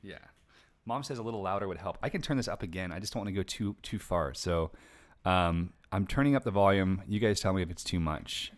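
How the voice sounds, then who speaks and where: At home on a live stream, a woman author and show host reads aloud from her book and chats between passages. She's earnest and quick, laughs readily, and has an extremely low-pitched voice.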